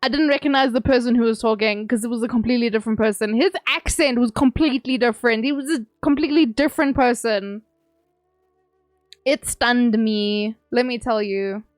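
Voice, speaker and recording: A woman's voice: fairly high pitch, fairly quick, no echo, studio quality, faint music behind. A young woman livestreaming, chatting casually with viewers, reading messages aloud and laughing often. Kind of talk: casual chat with stream viewers.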